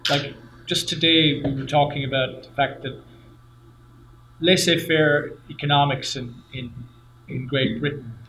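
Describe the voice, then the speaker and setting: A man's voice: fairly high pitch, a bit bright. A middle-aged Irish man, a guest singer and professor, explaining thoughtfully in a casual interview with some restarts. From Ireland. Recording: echoey room with faint noise.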